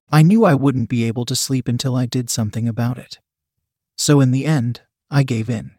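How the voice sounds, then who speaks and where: A young man narrating a first-person story in a steady, plain delivery. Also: mid-range voice, no room sound, studio quality.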